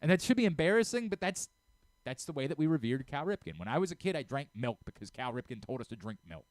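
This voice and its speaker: A middle-aged sports radio host talks in an earnest, heartfelt way, tripping over his words and starting sentences again as feelings catch up with him. His voice sits at an ordinary male pitch. The studio sound is close and dry, with no room echo. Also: big pitch swings, quick pace. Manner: earnest, openly emotional, frequent stammered restarts. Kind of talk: sports talk radio monologue.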